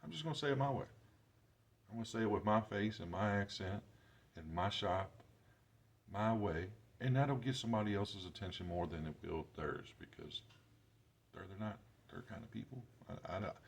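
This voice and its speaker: This YouTube creator is a man in his forties who already has grandchildren. His voice sits on the low side, husky with vocal fry, at a normal speed. In his workshop vlog he rambles casually to the camera, using loose, self-deprecating grammar.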